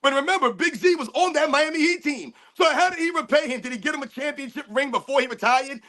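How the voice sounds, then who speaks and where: A man's voice: extremely high pitch, fast talker, sharp tone. A man co-hosting a sports rant livestream, arguing heatedly with rhetorical questions. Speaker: co-host.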